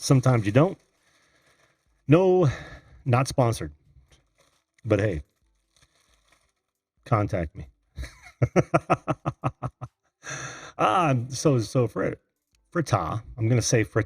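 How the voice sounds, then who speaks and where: A man from Indiana hosts a live video call-in show, chatting casually, laughing a lot, and greeting viewers by name in this relaxed live-stream talk. His voice is fairly low with a darkish tone, recorded at studio quality with no room sound.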